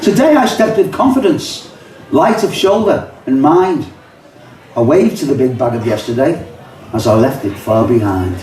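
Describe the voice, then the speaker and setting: A man's voice: medium pitch, very animated, normal speed, darkish tone, slight background noise. An older man with a Liverpool accent, reciting rhyming poems at a live pub reading with chatty asides. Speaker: poet and songwriter. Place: pub function room, live audience. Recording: echoey pub, mic far off.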